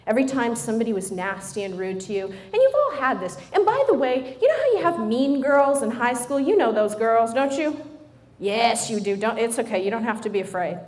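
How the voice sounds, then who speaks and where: Middle-aged woman doing a funny pep talk to a crowd, chatty and animated, roomy echoey hall. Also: on the high side, fairly quick. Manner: animated, joking, addresses the audience directly. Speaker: motivational speaker. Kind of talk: humorous motivational talk to a live audience. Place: room with a live audience. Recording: roomy hall sound with faint noise.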